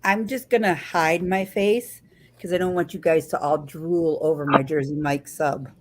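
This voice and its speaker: A woman with a low voice chats on a live stream. She tells casual stories and laughs easily. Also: steady tone, normal speed. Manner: chatty storyteller, laughs easily.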